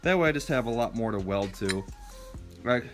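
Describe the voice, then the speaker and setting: A man talks through his build in a relaxed, rambling way, filling gaps with "you know" and "uh." His voice sits in an everyday middle pitch. He is picked up by a camera mic in a home garage. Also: moderate pace, soft background music. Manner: chatty, explains as he works, uses fillers. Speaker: vlogger building a go-kart. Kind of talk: casual workshop chat.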